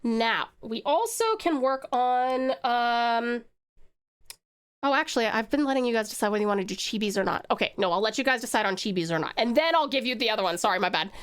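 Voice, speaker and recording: A woman's voice: on the high side, brisk, a bit bright, clear, resonant tone. A woman from Tasmania chatting casually with her viewers on a livestream while she draws, rambling and talking straight to the chat. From Tasmania, Australia. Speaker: livestreamer and artist.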